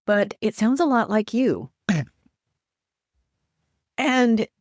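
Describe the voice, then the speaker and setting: A woman guest who is a life coach and minister, talking earnestly about faith and quoting scripture in an animated, preacherly way. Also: fairly high pitch, drawn-out words, dry recording, studio quality. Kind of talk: earnest faith-based teaching in conversation.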